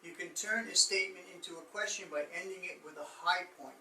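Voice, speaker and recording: A man's voice: high-pitched, quick pace, bright, forceful tone, a little hiss or hum. A man giving an informal training lecture, explaining with examples and often restarting his sentences. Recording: echoey room, far from mic.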